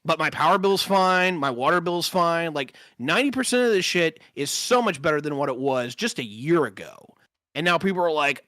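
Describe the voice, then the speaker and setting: A man on an online panel, talking bluntly with lots of swearing and halting restarts. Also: fairly high pitch, big pitch swings, bright, forceful tone, no echo. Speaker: panel member. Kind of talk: heated online panel discussion.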